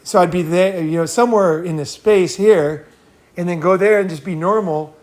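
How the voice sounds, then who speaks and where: A man's voice: sits high, moderate pace, a little mellow. A man hosting a casual talk, telling rambling stories with frequent laughs and swearing. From California. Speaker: host. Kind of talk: casual storytelling and advice.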